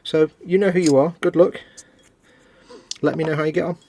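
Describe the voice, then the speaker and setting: A man's voice: on the high side, fairly even intonation, brisk, creaky, dark tone, a little hiss or hum. A man co-hosting a casual live stream, joking around and reading out chat messages. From United Kingdom. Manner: jokey, reads out chat messages.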